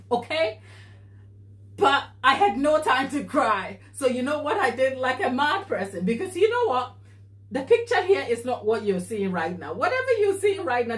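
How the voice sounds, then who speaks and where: A woman cake baker telling a story during a live tutorial, animated and expressive and laughing as she talks. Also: a little high. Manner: animated, expressive, often laughing mid-sentence. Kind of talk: casual anecdotal storytelling. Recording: echoey room, voice distant from mic.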